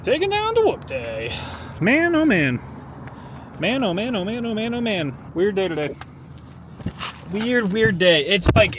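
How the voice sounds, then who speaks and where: A young man talks through a story in a loose, rambling vlog, full of restarts and filler. His voice sits a little high for a man. Faint traffic and street noise run under the recording. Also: a bit bright. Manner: rambling, many likes and restarts. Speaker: vlogger.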